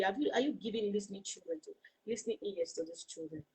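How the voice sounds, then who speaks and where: Woman host, passionate preachy talk, mellow and husky voice, asks listeners questions. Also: mid-range voice, expressive, fast talker, few pauses, low-quality recording. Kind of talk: motivational talk.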